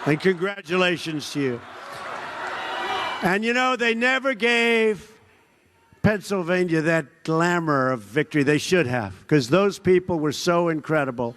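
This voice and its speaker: A man's voice: on the high side, expressive, unhurried, a bit bright. A man giving a political rally speech, boastful and repetitive, mocking opponents and slipping into quoted voices. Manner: drops into quoted voices of others. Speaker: rally speaker.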